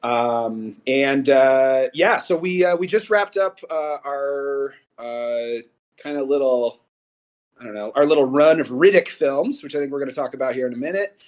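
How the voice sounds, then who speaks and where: A young man with a mid-pitched, ordinary voice, co-hosting a podcast. He rambles loosely with plenty of ums and uhs, dropping dry jokes as he goes. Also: normal speed, a little mellow. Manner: rambling, lots of fillers and jokes. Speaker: podcast co-host. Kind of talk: casual chat.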